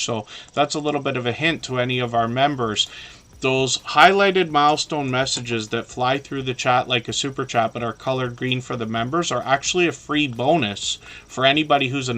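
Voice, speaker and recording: A man hosts a casual live stream, rambling and chatty with plenty of fillers. His medium-pitched voice sounds slightly hoarse and tired, yet pushed and bright.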